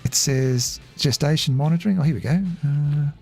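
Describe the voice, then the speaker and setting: A man chatting casually while streaming a game, rambling and halting, with frequent chuckles. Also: fairly high pitch, creaky, a little mellow, slightly rough, soft background music. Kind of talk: casual live-stream chat.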